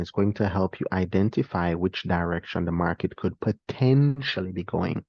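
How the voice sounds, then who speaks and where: A man explaining a trading strategy to viewers in a relaxed, talkative way, addressing them directly. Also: sits low, no room sound, muffled recording. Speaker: trading instructor. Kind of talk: screen-share trading lesson.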